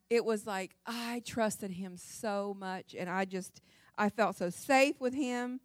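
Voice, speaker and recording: Speaking slowly in a mid-range voice with no echo, this woman from Ohio, USA, gives a chatty, folksy testimony at a church service where she's the guest speaker. She tells it in a lively storytelling way, frequently starting over.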